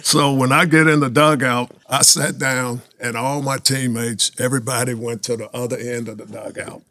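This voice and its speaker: A man in his sixties, a former pro baseball player, telling lively anecdotes in a casual chat and laughing often. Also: mid-range voice, moderate pace, no echo. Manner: animated anecdotes, laughs often, acts out quotes.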